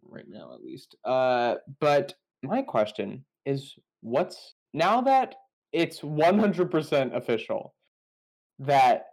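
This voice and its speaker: A man's voice: medium pitch, sing-song, slow, gravelly, a little mellow, rough recording. A young man co-hosting a podcast over a voice call, chatting casually, sarcastic and swearing freely. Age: young adult. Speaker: podcast co-host. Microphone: computer mic over a voice call.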